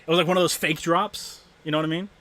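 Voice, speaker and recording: Man, streamer, profane livestream rant, heated, stammering restarts, slightly high voice. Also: steady tone, fast, fairly bright tone. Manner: stammering restarts when worked up. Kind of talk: casual livestream rant to chat.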